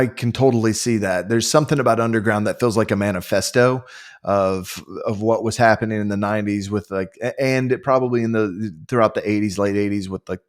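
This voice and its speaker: A man hosting a casual music podcast, talking with enthusiasm and lots of fillers. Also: mid-range voice. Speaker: podcast host. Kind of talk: casual chat about music.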